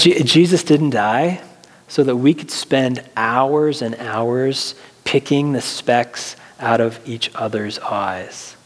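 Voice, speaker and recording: A male pastor giving an earnest sermon, slowing down to stress key phrases before leading a prayer. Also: medium pitch. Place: church sanctuary. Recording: long reverb of a large hall, faint music.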